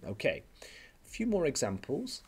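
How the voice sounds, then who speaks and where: A man lecturing over slides at an ordinary, mid-range pitch. He explains step by step and keeps checking in with the listener with a quick "okay?". He slows right down whenever he lands on a key term. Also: huge pitch swings, darkish tone, husky. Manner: speaks slowly on key terms. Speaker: language teacher trainer.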